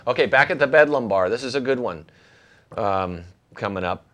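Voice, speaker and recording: A man's voice: mid-range voice, lively intonation, moderate pace, fairly bright tone. A man talking casually as a painter guest in an interview, jokey and rambling with many fillers.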